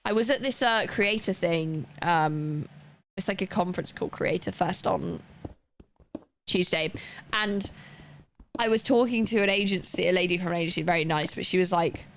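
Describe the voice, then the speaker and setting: A woman's voice: fairly low pitch, moderate pace. A woman from Wales with a neutral British accent, chatting casually and rambling while streaming a game. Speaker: live streamer. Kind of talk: casual chat while gaming.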